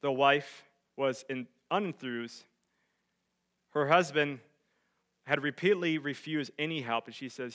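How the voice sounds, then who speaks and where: A male pastor preaching, dropping to hushed tones and rising to loud emphatic peaks as he tells a story. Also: mid-range voice, a little slow, long pauses. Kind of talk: sermon.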